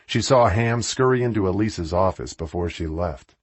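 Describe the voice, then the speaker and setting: Reading an audiobook at a measured pace, a male narrator uses a low, husky voice with lively, rising-and-falling intonation. The sound is close and dry, without echo or room ambience.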